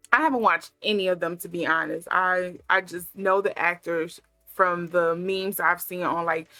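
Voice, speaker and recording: A woman's voice: on the low side, fairly bright tone, no room sound. Chatty woman tarot reader, dry sound. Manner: chatty, laughing asides, sarcastic. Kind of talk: casual chat to camera.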